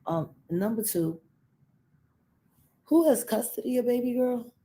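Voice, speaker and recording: A woman co-hosting, calmly asking questions to clear up facts. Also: a little high, unhurried.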